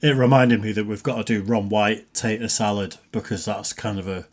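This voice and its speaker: A man's voice: on the low side, steady tone, normal speed. A man co-hosting a reaction video, making dry, blunt remarks in casual chat. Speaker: reaction channel co-host.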